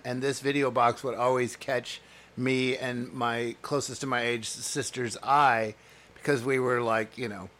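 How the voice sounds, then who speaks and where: A man's voice: medium pitch, fairly bright tone. A middle-aged man co-hosting a casual movie review chat, rambling and nostalgic, often laughing. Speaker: podcast co-host.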